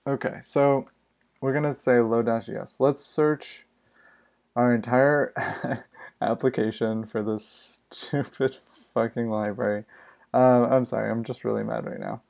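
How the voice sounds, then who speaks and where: Male live-coding streamer, gravelly and unhurried, muttering and grumbling to himself. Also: medium pitch, fairly even intonation, a little mellow. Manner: exasperated, muttering to himself, swears freely. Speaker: streaming programmer. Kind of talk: live coding stream, casual thinking aloud.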